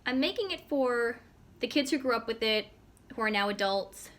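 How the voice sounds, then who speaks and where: A woman's voice: on the high side, expressive, moderate pace, a bit bright. A woman from the United States hosting an interview, speaking earnestly and from the heart. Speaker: interview host.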